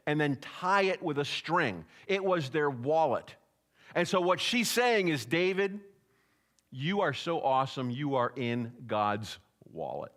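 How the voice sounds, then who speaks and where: A man's voice: a little high, fairly bright tone. A middle-aged man preaching a sermon in a church, telling stories and acting out the voices of the people in them. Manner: storytelling preacher who acts out voices of people in anecdotes. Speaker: pastor.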